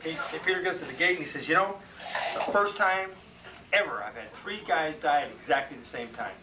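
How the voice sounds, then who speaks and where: A man's voice: on the high side, expressive, a little fast, background noise. A man casually telling jokes at a party, drawling and acting out the characters. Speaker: joke teller. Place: bar or party room. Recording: far-off camcorder mic with crowd chatter.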